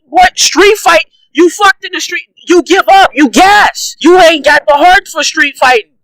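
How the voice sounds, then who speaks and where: A high-pitched reaction vlogger rants through heated commentary, swearing freely and laughing often. The tone is bright and sharp, and the speaker hammers each point with short, repeated jabs. The recording is dry, with no room echo. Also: unhurried. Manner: profane, ranting, laughs often; repetitive emphatic jabs.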